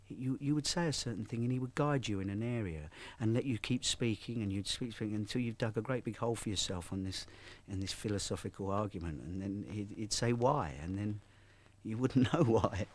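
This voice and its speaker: A man's voice: lowish voice, brisk. A man recalling memories in a documentary interview, speaking reflectively and stumbling over his words.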